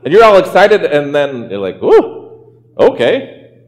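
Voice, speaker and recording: A man's voice: fairly high pitch, big pitch swings, normal speed, long reverb tail. A man, a pastor, giving a conversational sermon in a chatty way, often asking the listeners rhetorical questions.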